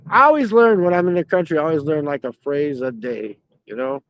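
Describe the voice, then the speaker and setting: A man's voice: fairly high pitch, brisk, a bit bright, slight background noise. A man hosting a stream, telling rambling, profane stories in casual chat. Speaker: stream host.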